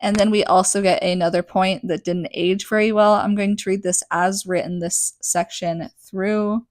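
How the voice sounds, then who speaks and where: A woman's voice: medium pitch, steady tone, moderate pace, no echo. A young adult woman hosting a podcast, recapping a book in a chatty, sarcastic way full of "like". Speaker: podcast host.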